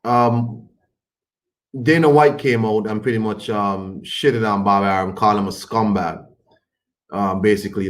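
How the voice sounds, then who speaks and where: A boxing commentary streamer with a somewhat low voice goes over boxing news during a livestream. His casual commentary is loose and colloquial, drifting from point to point in an unhurried, chatty ramble.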